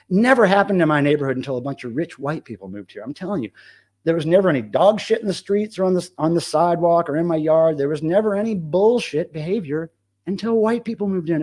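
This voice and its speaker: A man hosting a live stream, telling a story in a casual, profane, excitable rant. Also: fairly high pitch, husky. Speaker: live show host.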